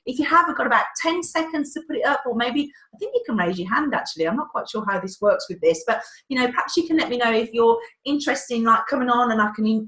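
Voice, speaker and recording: A chatty woman hosts a live webinar, talking to her viewers in a slightly high voice. She sounds a little flustered by the technology. Her voice rings around an echoey room. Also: fairly bright tone. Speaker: webinar host.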